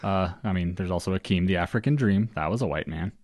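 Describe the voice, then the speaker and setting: A man co-hosting a casual podcast, making wry, deadpan remarks. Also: deep voice, fast. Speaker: podcast co-host. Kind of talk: casual chat.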